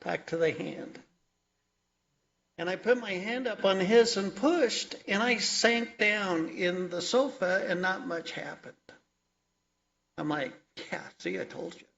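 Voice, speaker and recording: A man, an author and energy worker, telling his life story in a slow, reflective, wry way. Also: high voice, a bit bright, lo-fi sound. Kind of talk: personal storytelling talk.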